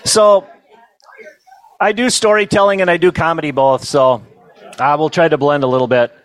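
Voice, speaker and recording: A middle-aged man telling funny stories at a banquet, in a folksy, self-amused way with quick asides to the crowd. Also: a little high, steady tone, rough recording. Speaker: banquet storyteller and comedian. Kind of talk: humorous storytelling to a live audience.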